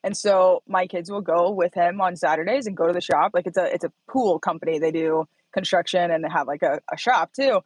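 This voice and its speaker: A breathy woman in her thirties from Indiana, chatting as a guest with a dry, close sound. She tells her story in an animated way, laughing often and acting out what others said. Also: fairly low pitch, a little fast, few pauses, no room sound, rough recording. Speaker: startup founder, guest. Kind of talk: casual interview storytelling.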